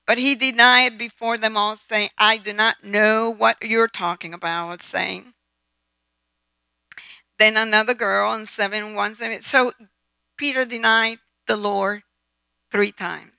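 A woman's voice: medium pitch, steady tone, unhurried, vocal fry, bright, forceful tone, clean tone, dry recording, rough recording. A woman preaching a sermon, emphatic and asking the audience questions. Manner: emphatic, calls for amen and asks the audience questions.

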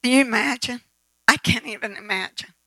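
A woman's voice: a little high, fairly quick, sharp tone, no echo, poor audio. A woman preaching a sermon, emphatic and asking the audience questions. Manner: emphatic, calls for amen and asks the audience questions.

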